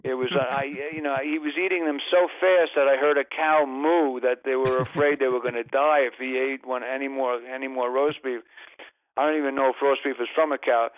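A man's voice: medium pitch, fairly even intonation, fairly quick, no echo, narrow, tinny audio. Guy rambling thru a funny story, keeps restarting sentences, dry phone-ish audio. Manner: rambling, self-interrupting comic anecdotes. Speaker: guest. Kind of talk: casual storytelling.

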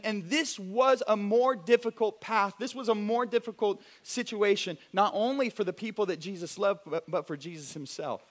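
A young man preaching in a church sanctuary. His voice sits a little high, and his delivery is animated and chatty, full of restarts and playful asides. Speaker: pastor. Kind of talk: sermon.

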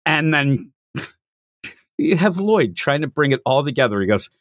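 A man hosting a podcast, casually recapping a manga chapter in a jokey, animated way. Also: a little high, no room sound, clean studio sound. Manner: animated, jokey retelling with quick acted quotes. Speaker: podcast host.

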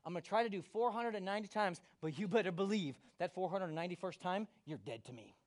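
A man's voice: high-pitched, fast talker, lightly acted. A man voicing an exasperated apostle who haggles and bargains over forgiveness with comic disbelief. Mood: grudging.

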